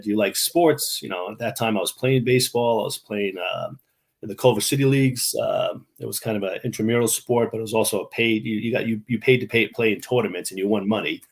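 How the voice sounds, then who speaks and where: A fairly low, slightly mellow male voice belongs to a middle-aged New Yorker being interviewed over video call. He tells casual, chatty stories, often starting over and imitating the folks he talks about.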